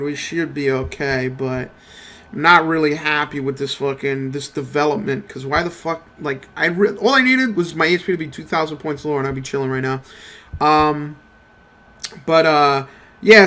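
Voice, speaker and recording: A young man with a bright, slightly high voice, talking casually over his gameplay. He rants with lots of swearing and slips into mocking impressions of other people as he tells a story. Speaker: mobile game streamer. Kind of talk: casual gameplay commentary rant.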